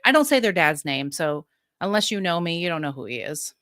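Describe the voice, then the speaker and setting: A woman in her fifties talks openly as a podcast guest, frank and emphatic, with a clear, bright tone. She breaks into quick laughs between points. The sound is close and dry, with no room around it. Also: fairly low pitch, lively intonation, no room sound. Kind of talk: candid personal storytelling.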